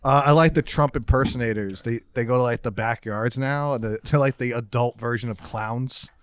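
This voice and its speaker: A man chatting on a podcast who delivers his jokes dryly and deadpan. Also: mid-range voice, moderate pace, clean tone. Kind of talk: casual chat.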